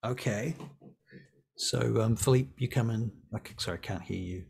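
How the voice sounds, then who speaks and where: A man's voice: on the low side, normal speed, vocal fry, darkish tone, slightly rough. A man acting as game master, narrating a tabletop role-playing game in a loose, conversational way with casual swearing.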